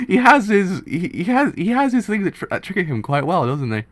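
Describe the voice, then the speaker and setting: A man's voice: sits high, very animated, moderate pace, fairly bright tone. A man hosting a live comic reaction, chatting casually and rambling with frequent restarts and laughs. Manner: rambling, self-interrupting, laughs often.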